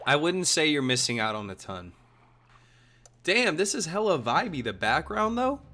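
A young man streaming, chatting casually and joking while he plays, his voice hoarse. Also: on the high side, moderate pace. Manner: lively, chatty, jokey. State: hoarse, coughing. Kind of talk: casual chat while gaming.

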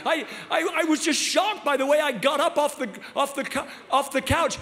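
A man in his fifties preaching a sermon full of funny personal stories, animated and self-deprecating, laughing often. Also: extremely high pitch, normal speed. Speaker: guest preacher. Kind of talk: humorous storytelling sermon. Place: large church auditorium. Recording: long reverb of a large hall.

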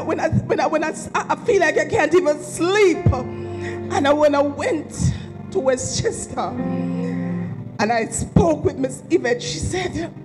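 At a memorial service, a woman with a high voice gives an emotional, rambling tribute from the heart and is close to tears at moments. The audio quality is poor.

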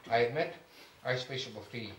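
A man's voice: medium pitch, normal speed, a little hiss or hum. Distant man reading a story in a hall. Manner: storytelling, warmly amused. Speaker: lecturer. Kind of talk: reading a memoir aloud. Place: lecture room. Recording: echoey hall from far off, faint ambience.

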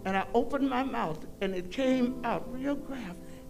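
A woman's voice: on the high side, normal speed, music in the background. An older woman, a guest singer telling a folksy, preachy testimony to a concert audience and breaking into hymn lines. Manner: preachy, folksy storytelling, calls out "y'all". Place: concert hall stage.

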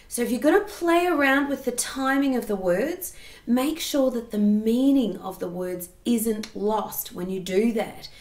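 A woman's voice: fairly high pitch, darkish tone, reverberant. A woman giving a singing lesson, explaining step by step and breaking into sung examples. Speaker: singing teacher.

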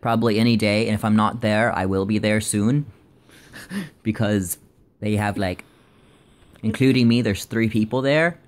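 A young adult woman hosting a casual vlog, playful and quick to laugh. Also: very deep voice, a little mellow. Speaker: vlog host. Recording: faint background noise.

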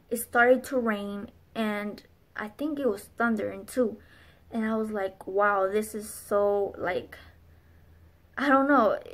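A woman's voice: on the high side, fairly bright tone. A young adult woman vlogger telling a personal faith testimony in an earnest, rambling way with many fillers.

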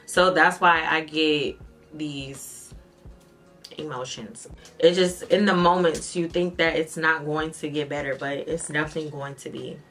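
A young woman vlogger chatting candidly to her viewers while doing her makeup, telling stories in an expressive way. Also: deep voice, measured pace, faint music behind. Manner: candid, expressive storytelling, addresses viewers as y'all. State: tearful at times. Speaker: beauty vlogger. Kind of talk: casual get-ready-with-me chat.

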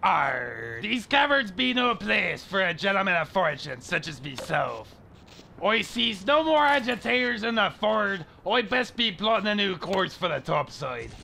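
A man voicing a gruff, swaggering male pirate captain with a growled, old-fashioned pirate drawl, heard over a machinima clip. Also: high voice, very animated, a little slow, sharp tone, exaggerated voice. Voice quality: growled pirate accent with archaic grammar. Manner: theatrical, drawling. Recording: game audio mixed under, noisy.

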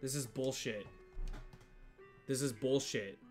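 A man's voice: mid-range voice, slow pace, soft background music. A man streaming a game playthrough live, reacting aloud with lots of swearing and repeated exclamations. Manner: profane, exclaiming, repeats himself.

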